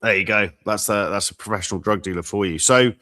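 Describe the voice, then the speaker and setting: A man co-hosting a casual podcast, telling stories in a lively, joking way and laughing at his own lines. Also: fairly low pitch, fast talker. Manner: animated storyteller, laughs at own jokes. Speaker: dating coach podcast co-host.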